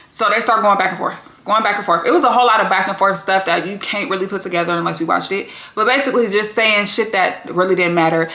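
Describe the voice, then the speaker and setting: A woman's voice: mid-range voice, quick pace, hardly any pauses, pushed and bright, roomy sound. A woman giving a blunt, sassy, casual recap commentary and swearing freely. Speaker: recap vlogger.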